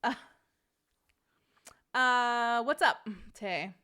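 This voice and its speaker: A woman's voice: fairly high pitch, drawn-out words, sharp tone, clear, resonant tone. A woman hosting a casual live-streamed podcast, chatting with viewers and reading a story aloud, laughing often.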